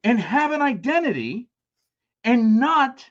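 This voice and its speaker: A man with a fairly high voice co-hosts a podcast in a loose, rambling way, circling back and repeating words as he builds his point. His audio comes through dull and lo-fi. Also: very animated, slow. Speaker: podcast co-host. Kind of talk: casual discussion.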